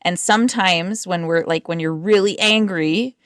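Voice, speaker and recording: A woman's voice: on the low side, moderate pace, no room sound, clean studio sound. A woman co-hosting a casual faith podcast over a computer call, earnest and reflective. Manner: earnest and reflective, with many fillers. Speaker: podcast co-host. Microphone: recorded over a computer call.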